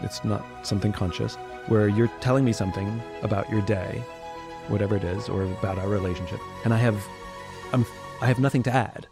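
A man talking candidly as a podcast guest, reflective and blunt, turning lively when he quotes other people. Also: fairly low pitch, fairly quick, creaky, music in the background. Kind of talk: candid conversational talk.

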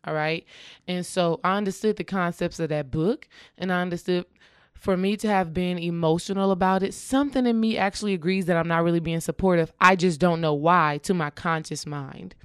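A woman's voice: on the low side, brisk, clean tone, no echo, studio quality. A woman in casual conversation, earnestly sharing her own experience and coaching the listener, often checking in with "okay?". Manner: acts out quoted dialogue in lively voices.

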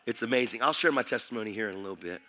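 Male preacher, middle-aged, bright forceful tone, fired-up sermon delivery. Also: fairly low pitch, racing, a little hiss or hum. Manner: excitable, preaches with rising intensity.

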